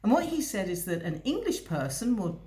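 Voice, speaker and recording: A woman's voice: medium pitch, very animated, normal speed, mellow. A woman host giving a conversational educational talk, explaining and speaking directly to the listener. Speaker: psychologist host. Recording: echoey room.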